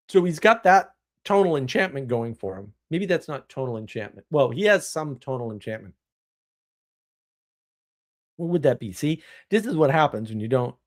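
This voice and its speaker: Animated, opinionated male live-streamer. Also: mid-range voice. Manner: animated, opinionated, rambling with restarts. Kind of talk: casual live-stream talk answering chat.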